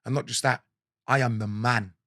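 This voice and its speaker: A guest in his forties with a South London accent tells animated stories from his life in a casual interview, acting out what others said and laughing often. His voice is mid-range at normal speed, with clean studio sound and no room sound.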